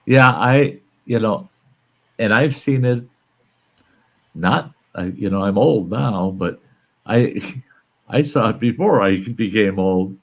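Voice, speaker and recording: A man's voice: on the low side, darkish tone. A man in his sixties hosting a casual live-stream chat, emphatic and rising into exclamations when worked up. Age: 60s. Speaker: host.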